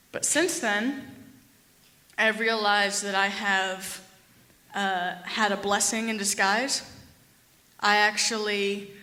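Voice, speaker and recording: A young woman tells a true story at a live event, chatty and animated, with plenty of fillers and acted-out quotes. Her voice is bright and forward. The sound carries a long reverb from the hall. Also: medium pitch.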